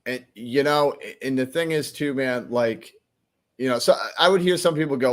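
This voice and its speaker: A laid-back man chats as co-host on a live talk stream. His voice is mid-pitched and easygoing, with a relaxed, friendly looseness in how he talks. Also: normal speed. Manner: laid-back, says dude and man a lot. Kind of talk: casual chat.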